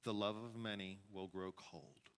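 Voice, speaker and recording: A man preaching a sermon as pastor, emphatic, with sudden rises and hushed drops. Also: on the low side, steady tone, a little slow, clear, resonant tone. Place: church sanctuary.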